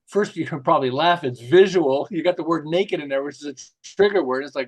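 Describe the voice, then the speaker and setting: A middle-aged man, a marketing author, telling lively stories in an interview and acting out the quotes. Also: on the high side, a little fast. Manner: lively, jokey, acts out quotes with laughs. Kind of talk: animated storytelling interview.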